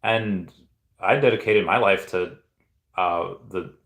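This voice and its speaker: A man's voice: low voice, fairly bright tone, echoey room. A man in his thirties, originally from Peru, chatting casually on a live stream and reading out comments, rambling with many restarts. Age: 30s. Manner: rambling, halting, lots of restarts.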